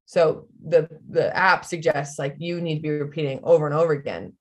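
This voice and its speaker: A woman's voice: low-pitched, fairly even intonation, fairly quick. A woman guest on a podcast, talking frankly and earnestly in casual chat.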